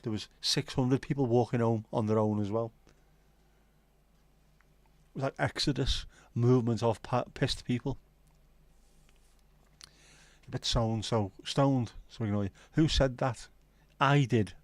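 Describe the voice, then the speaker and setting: Heard here at normal speed, the middle-aged host has a medium-pitched, steady voice and a South Liverpool Scouse accent. He chats casually on his livestream, telling sweary, rambling stories, with no echo on the recording.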